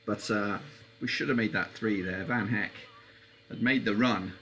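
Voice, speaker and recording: A man talks through a football match live for his stream viewers, a gravelly, creaky edge to his voice. His pitch shoots up when a chance is on, then drops back into easy chat. A faint hiss sits under the recording. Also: measured pace. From England. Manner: excitable, voice leaps up high on chances. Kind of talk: live football watchalong commentary.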